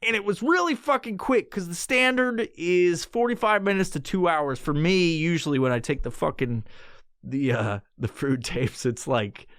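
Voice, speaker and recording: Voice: mid-range voice, moderate pace, a bit bright, dry recording, clean studio sound. A podcast host telling a story in casual, profane talk, acting out the quotes with yelps and laughs.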